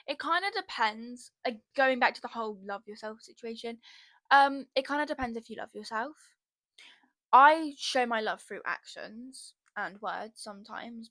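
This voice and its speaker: A young woman with a fairly high voice rambles through a casual solo podcast, chatty and blunt, dropping swear words freely. She speaks close into a podcast microphone, and the sound is dry with no room echo. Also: sharp tone. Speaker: podcast host.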